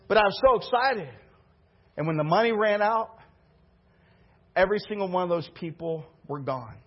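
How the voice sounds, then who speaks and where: A pastor telling a story in his sermon, conversational and animated. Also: high-pitched, moderate pace, long pauses, husky, dull audio. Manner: animated, conversational, acts out the people he quotes.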